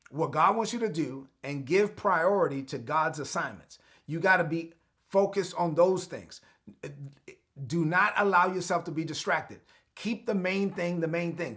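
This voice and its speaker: A man's voice: on the high side, fairly bright tone. A man preaching an online devotional sermon, exhorting his listeners and calling on them to answer back. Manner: exhorting, calls for responses. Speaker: pastor.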